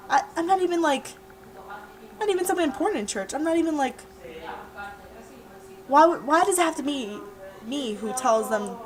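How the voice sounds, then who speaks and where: A woman's voice: sits high, lively intonation, moderate pace, pauses often, rough recording. A young woman talking casually to her webcam in a diary-style vlog, rambling and repeating herself. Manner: rambling, chatty, repeats words. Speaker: vlogger.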